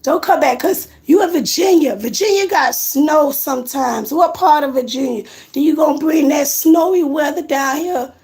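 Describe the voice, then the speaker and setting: High-voiced woman chatting on a live stream. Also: normal speed, few pauses, darkish tone. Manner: chatty, teasing, answers comments aloud. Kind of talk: casual live-stream chat with viewers. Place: her apartment, indoors.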